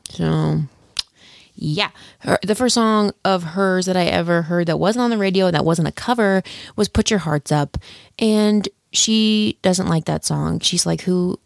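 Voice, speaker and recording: Speaking alone into a studio mic, a young woman hosts a casual podcast, chatty and rambling and quick to poke fun at herself. She has a lowish, creaky voice, and the studio-quality recording has no echo.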